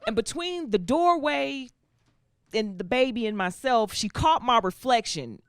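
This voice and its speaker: Brief: woman stand-up comic, storytelling set, swooping animated delivery, slips into character voices. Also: a little high, a little slow, clean tone, no echo. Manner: lively storytelling, acts out characters in put-on voices. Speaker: stand-up comedian. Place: comedy stage before a laughing audience.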